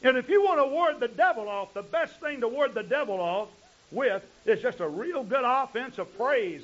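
A man's voice: extremely high pitch, expressive, normal speed, fairly bright tone. A male pastor preaching a sermon, telling stories in long chains of "and" with frequent restarts. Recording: dull lo-fi recording.

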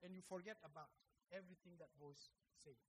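A man in his fifties preaching a sermon, emphatic and dramatic, swinging between loud exclamations and soft asides. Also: high voice, steady tone, fast talker, husky. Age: 50s. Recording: long hall reverb.

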